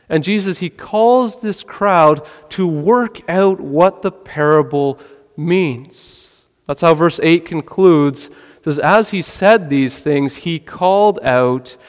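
A man preaching a sermon in an earnest way, asking questions and often dropping his voice low. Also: in a large hall. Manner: earnest, rhetorical questions, drops to a quiet voice. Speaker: pastor.

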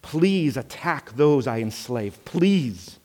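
A man voicing a scheming, gloating devil in a low, coaxing murmur during a sermon. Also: animated, slow pace, dark tone.

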